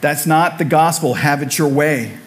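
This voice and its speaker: Preaching at normal speed in a fairly high voice, this pastor addresses his church sanctuary. The sermon is conversational and repetitive, sprinkled with humor.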